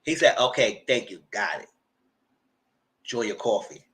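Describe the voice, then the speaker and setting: Animated man retelling a TV story. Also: normal speed. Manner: dramatic retelling, jumps into squealing high voices for quoted people; loud and expressive with swearing and "girl", "y'all" asides. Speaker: channel host reviewing TV. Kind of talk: animated casual recap.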